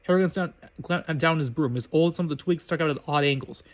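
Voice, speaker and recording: Male amateur reader, quick, stumbling and self-correcting narration. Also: a little high. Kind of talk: reading fan fiction aloud.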